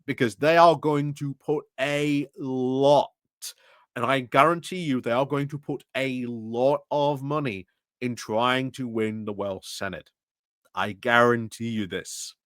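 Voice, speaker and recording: A man's voice: mid-range voice, fairly bright tone, no room sound. Chatty man hosting political commentary. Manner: chatty, frequent filler words and self-corrections. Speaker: political commentary channel host. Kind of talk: casual political commentary livestream.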